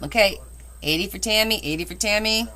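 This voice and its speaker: A cheerful woman hosts a live online auction, announcing bids and laughing between them. Her voice is crisp and bright, and she talks in a chatty, friendly way, recorded on a phone. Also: mid-range voice, a little fast. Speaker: host selling scrapbooks in a live auction.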